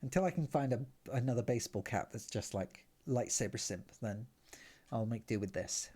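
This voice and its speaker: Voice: mid-range voice, expressive, normal speed, dark tone, breathy edge. A streamer chatting playfully while playing through a dating game. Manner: bubbly, chatty, playful asides. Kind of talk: casual gameplay commentary. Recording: faint background music.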